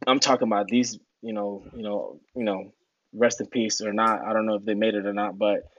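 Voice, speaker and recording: A man telling war stories in a casual podcast interview, animated and laughing, acting out other people's lines in a raised voice. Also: fairly quick, dry recording. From United States. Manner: animated storyteller, acts out quotes in high voices, laughs often. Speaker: guest. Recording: dull lo-fi podcast audio.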